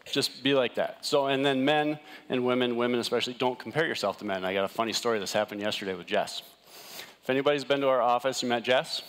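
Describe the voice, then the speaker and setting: Middle-aged man, wellness doctor speaking to a seminar crowd, lively and joking, mid-pitched voice. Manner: animated, jokey, asks the room "right?". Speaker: wellness doctor giving a talk. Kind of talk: casual seminar talk to a live audience.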